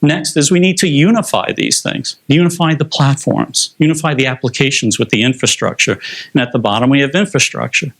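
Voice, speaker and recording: A man's voice: medium pitch, a little fast, fairly bright tone. A man giving a conference presentation on technology, explaining slides step by step with frequent fillers.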